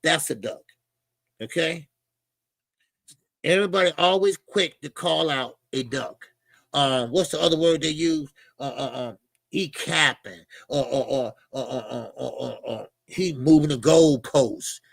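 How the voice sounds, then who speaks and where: A man's voice: fairly high pitch, measured pace, creaky, no echo. A man hosting a boxing channel, ranting in emphatic, repetitive slang and calling his listeners "baby". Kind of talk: animated boxing commentary rant.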